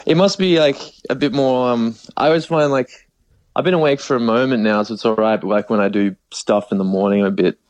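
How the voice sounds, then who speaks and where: An Australian man in his twenties chats as an interview guest, easygoing and relaxed. His voice sits at an ordinary middle pitch. The recording is dry and close. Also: fairly quick, no room sound. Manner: relaxed, easygoing, laughs often. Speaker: band singer, guest. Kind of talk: casual interview chat.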